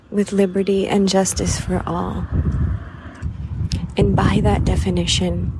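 Slow, contemplative woman with noise behind. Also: lowish voice. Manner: measured, contemplative, drifting into soft whispers. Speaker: podcast host. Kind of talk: slow reflective monologue. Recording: background noise.

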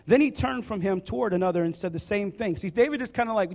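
Man, high voice, casual jokey sermon, bible reading, chatty fillers. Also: fast, vocal fry, few pauses, a little mellow, in a large hall. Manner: jokey, chatty, fillers, asks the crowd to repeat words. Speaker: youth preacher.

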